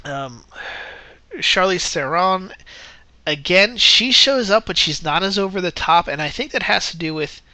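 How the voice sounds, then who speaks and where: A man's voice: sits high, expressive, measured pace, sharp tone, no room sound. A man giving a casual spoken movie review, rambling and correcting himself as he goes, often breaking into laughter. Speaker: film reviewer.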